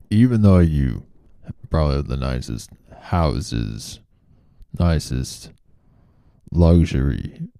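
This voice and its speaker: Deep, slow, gravelly comedy host with a sardonic, deadpan delivery. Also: male voice, no room sound, studio quality. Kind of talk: comedic current-events monologue.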